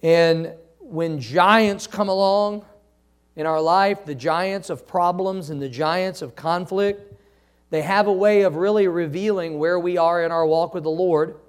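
A man preaching a sermon as a pastor, reading scripture aloud and asking the congregation to answer back, often dropping to soft, slow phrases. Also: high voice, smooth. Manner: preaching with call-and-response questions to the congregation.

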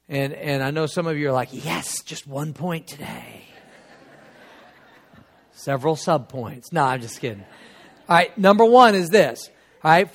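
Middle-aged male preacher, fairly high voice, loose conversational delivery with jokes. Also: a bit bright. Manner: conversational, joking with the congregation. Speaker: pastor. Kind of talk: sermon.

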